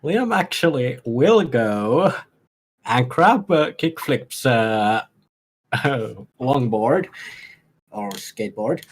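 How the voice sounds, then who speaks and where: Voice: mid-range voice, animated, drawn-out words, husky. A player in a tabletop game, describing his moves hesitantly with many fillers. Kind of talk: casual tabletop play.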